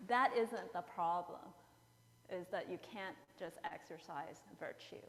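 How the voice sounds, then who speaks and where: A woman in her fifties, a pastor preaching a sermon and telling a story in a lively way, acting out the people in it. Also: mid-range voice, unhurried. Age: 50s. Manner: storytelling, acting out characters with playful asides. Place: church sanctuary. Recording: long church reverb.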